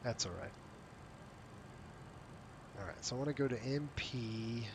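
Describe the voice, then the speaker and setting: A man talking his way through a flight simulator stream, voice pitched right in the middle, drifting from one thought to the next and breaking off his own sentences. He sounds tired and keeps yawning, and he speaks to the viewers directly as friends. Faint low rumble sits under his voice. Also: measured pace. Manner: rambling, self-interrupting, talks to viewers as "you guys". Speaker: flight sim streamer running a virtual airline. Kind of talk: casual live-stream chat over gameplay.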